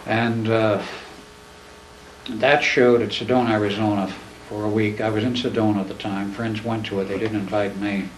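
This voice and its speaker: Far from the microphone, an older man spins a story for an audience in a presentation room that rings with echo over a quiet hiss. His voice is low and flat, his phrasing folksy, plain, and unhurried, and he puts on others' voices for quotes.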